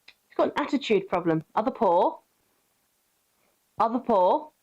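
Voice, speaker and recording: A woman's voice: on the high side, animated, measured pace, darkish tone, muffled recording. A young British woman giving casual, sweary gameplay commentary, chatting, laughing often and cooing at her pet. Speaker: streamer.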